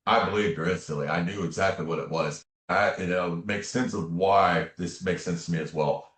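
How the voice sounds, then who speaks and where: A man with a very low voice tells a personal story as an interview guest. He talks earnestly and casually, often tossing in "man" and "right?". The recording sounds roomy, with a noticeable echo. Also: normal speed, hardly any pauses, fairly bright tone. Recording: echoey room.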